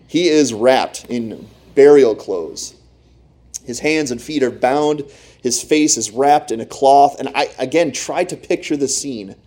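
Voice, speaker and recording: A man preaching a sermon on Easter Sunday, telling a gospel story with lively asides to the congregation and swings from loud to hushed. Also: mid-range voice, slow. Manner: animated storytelling, rising and dropping to near whispers; talks to the congregation directly with asides. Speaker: pastor.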